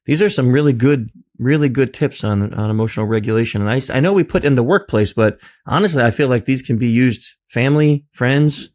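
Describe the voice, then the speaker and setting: A man of middle pitch hosting a conversational podcast. He jokes around, acts out little quotes and laughs often between points. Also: fairly quick, few pauses. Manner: jokey, animated, laughs often. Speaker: podcast host.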